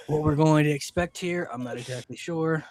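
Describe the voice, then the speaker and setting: Guy hosting a podcast, lots of uhs, fairly high voice, dry sound. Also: no echo. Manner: excitable, filler-heavy, many "uh"s. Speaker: podcast host. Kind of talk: casual chat, reading out a list.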